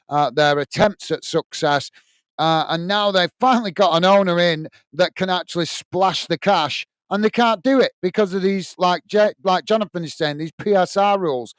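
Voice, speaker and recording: Chatty British man, high clear voice. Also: dry recording. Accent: British English. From United Kingdom. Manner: chatty, many fillers and restarts, friendly asides to viewers. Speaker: host of a football fan livestream. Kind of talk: casual live chat reading viewer comments.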